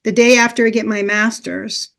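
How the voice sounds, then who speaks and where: A woman's voice: a little high, little pitch movement, moderate pace, creaky, a bit bright. A middle-aged woman, a Reiki teacher as guest on a podcast, earnestly telling a personal story and acting out past conversations as dialogue.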